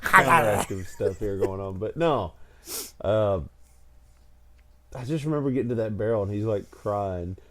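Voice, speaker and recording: With a crowd audible in the background, a man co-hosting a casual podcast recounts funny childhood stories, laughing frequently and stammering tiredly. His fairly low voice has lively intonation, a moderate pace, and frequent pauses.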